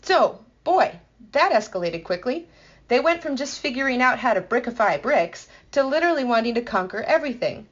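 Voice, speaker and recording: A woman leading a conversational Bible teaching, explaining the text in a playful, enthusiastic way with lively asides. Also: fairly high pitch, brisk, muffled recording.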